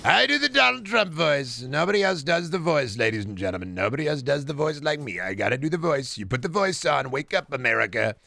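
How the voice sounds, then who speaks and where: A man's voice: on the high side, sing-song, brisk, gravelly, few pauses, bright, forceful tone, full character voice. A man doing a mocking impression of a boastful older male politician who repeats himself and rambles crude brags. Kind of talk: comedic impression while gaming.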